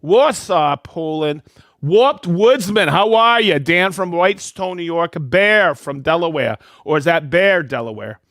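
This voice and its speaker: A man hosts a live product show on a stream, reading out viewers' names and hometowns in an upbeat, jokey way. His voice sits a little high and sounds slightly bright, animated but unhurried. The studio-quality recording has no echo.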